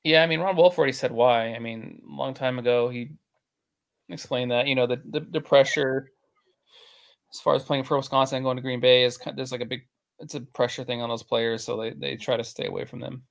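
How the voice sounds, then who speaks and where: A man with a gravelly, creaky voice talks through player prospects in a relaxed podcast chat. He hedges and pads his points with plenty of fillers. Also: mid-range voice, brisk. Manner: filler-heavy, hedging analysis. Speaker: podcast co-host, draft analyst. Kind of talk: casual sports chat.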